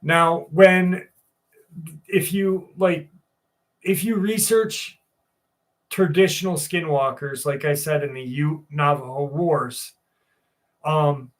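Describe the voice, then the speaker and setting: A man's voice: fairly high pitch, fairly bright tone. A man hosting a live stream, chatting casually and reading viewer comments in a loose, jokey way with plenty of swearing.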